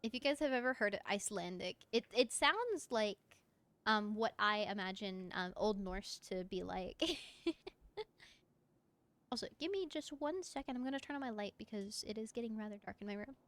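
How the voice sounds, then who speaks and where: A woman streaming from her room, chatting casually while she plays, gushing and excitable with frequent laughter. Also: mid-range voice, moderate pace. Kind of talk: casual live-stream chat while playing.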